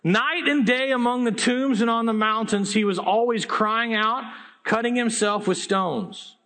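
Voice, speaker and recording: High-voiced man preaching a lively sermon. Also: unhurried. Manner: animated storytelling, casual slang. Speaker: pastor.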